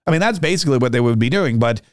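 A man's voice: medium pitch, animated, rapid-fire, no echo. Sarcastic rambling male political commentator. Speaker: podcast host.

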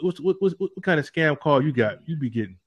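A male host talks in a casual chat, often restarting his words and acting out quoted lines. His voice sits fairly high for a man, and the recording is dull and lo-fi. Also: lively intonation, brisk, slightly rough. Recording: dull lo-fi sound.

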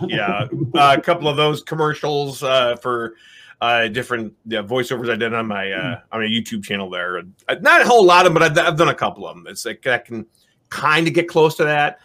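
A man in his thirties or forties chatting casually as a guest voice actor, animated and laughing often. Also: mid-range voice, brisk. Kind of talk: casual chat.

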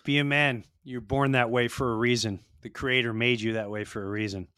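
A man's voice: mid-range voice, steady tone, brisk, smooth, no room sound, studio quality. A man hosting a podcast, talking emphatically and with feeling, often repeating his point. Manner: warm-hearted, emphatic, repeats himself. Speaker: podcast host. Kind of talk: casual podcast interview.

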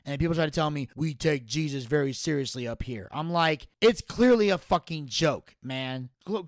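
A man hosting a solo podcast, telling a comedy gig story in a casual, profane, animated way. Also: a little high, clear, resonant tone, dry recording, studio quality. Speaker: podcast host and stand-up comedian.

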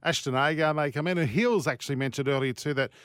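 A man with an Australian accent hosting a sports radio show, joking and firing off quick questions in casual banter. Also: a little high, a bit bright, clean tone, dry recording, studio quality.

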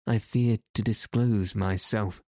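Slow, low-voiced male narrator. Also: creaky, no echo, studio quality. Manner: measured, even storytelling. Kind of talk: audiobook narration.

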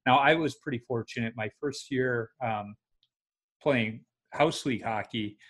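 Chatty man of middle pitch. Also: measured pace, a bit bright. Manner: chatty anecdotal storytelling. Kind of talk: casual conversation.

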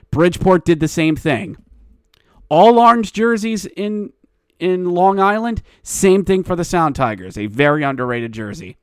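On his own hockey podcast, this high-voiced man launches into an exasperated rant, recorded in a clean studio with no room sound. He works himself up steadily, growing louder and more agitated.

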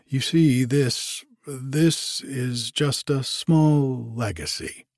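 A man reading aloud and voicing a hunted, evasive innkeeper who talks slowly and repeats himself. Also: medium pitch, a little mellow, no room sound, clean studio sound. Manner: slow, hesitant and repetitive.

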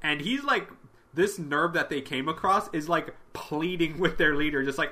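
A man's voice: fairly high pitch, normal speed. A man co-hosting a casual podcast, recapping comic issues and acting out the characters' lines with plenty of swearing. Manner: animated, acts out characters' lines with profanity. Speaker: podcast co-host.

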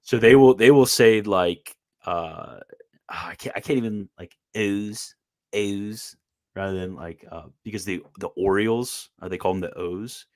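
A young man with a Maryland accent tells a story in a halting, rambling way, full of ums and restarts. His voice sits very low, and the sound is close and dry with no room in it. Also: a little mellow, no room sound. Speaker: podcast host. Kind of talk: casual chat.

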